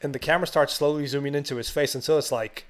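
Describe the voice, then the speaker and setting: A man's voice: on the high side, quick pace. A man co-hosting a podcast, retelling a film in casual chat with laughs and swearing. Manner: animated, laughing storytelling, frequent swearing. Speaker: podcast co-host.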